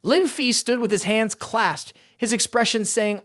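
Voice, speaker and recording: A narrator reading a scripted story recap in a brisk, even storytelling manner. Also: medium pitch, no room sound, clean studio sound.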